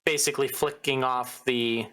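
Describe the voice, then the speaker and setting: A man running a tabletop game session, with a bright, forward voice. He talks casually, stopping and restarting as he explains the scene. His pitch sits in a middling range. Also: fairly even intonation. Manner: casual, halting, with fillers and restarts. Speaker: game master.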